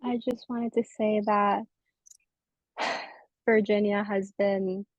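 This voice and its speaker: A woman guest on a podcast, speaking in a tearful, heartfelt and halting way. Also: medium pitch, level tone, no room sound. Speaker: guest, nonprofit co-founder. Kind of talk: interview answer.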